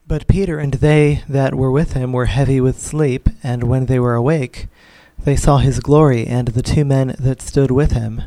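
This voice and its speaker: A man reading Bible passages aloud in a steady, formal manner during a sermon. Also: medium pitch, moderate pace, dry recording. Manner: steady, formal reading of old-style verse. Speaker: scripture reader.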